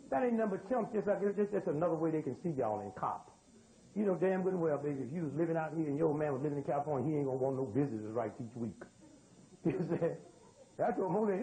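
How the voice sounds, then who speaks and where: Animated older man teasing a crowd. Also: fairly high pitch, fast, rough recording. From United States. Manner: animated, teasing, streetwise banter with the audience. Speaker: speaker addressing a live audience. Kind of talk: humorous lecture to a crowd.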